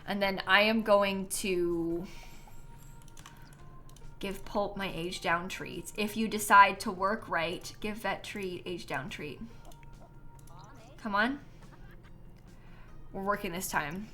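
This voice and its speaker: A woman's voice: medium pitch, slow pace, long pauses, pushed and bright, soft background music. A young woman streamer chatting casually while playing a game, tired and yawning, with lots of ums and likes and frequent laughs. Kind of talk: casual live-stream gameplay chat.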